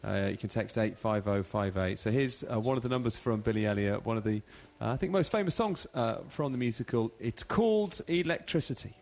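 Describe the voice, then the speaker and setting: A man's voice: medium pitch, expressive, brisk, hardly any pauses, darkish tone, slight background noise. A man presenting a live radio show on location at a ballet company, chatty and joking as he interviews guests and reads out listener texts.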